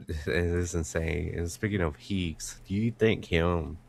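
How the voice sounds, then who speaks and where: Very deep gravelly male analyst. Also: takes it slowly, a little hiss or hum. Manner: hesitant, many fillers. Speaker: esports analyst. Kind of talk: casual commentary chat.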